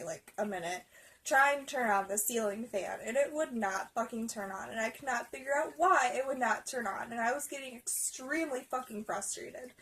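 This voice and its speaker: A woman's voice: a little high, a bit bright, low-quality recording. A young adult woman telling a rambling storytime vlog story, swearing constantly and laughing as she goes. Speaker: vlogger. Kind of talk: casual storytime.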